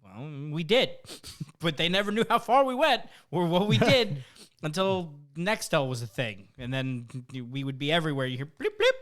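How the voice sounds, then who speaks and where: A man in his early thirties co-hosting a podcast in playful, easygoing talk. His voice sits a little high, and laughter keeps slipping into what he says. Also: lively intonation, normal speed, a bit bright. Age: 30s. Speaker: podcast co-host. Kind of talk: casual chat.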